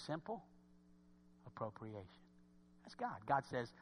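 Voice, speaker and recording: Animated high-voiced male preacher. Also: normal speed, long pauses, big-room sound. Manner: animated, swinging from quiet asides to loud exhortation. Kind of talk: sermon. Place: church.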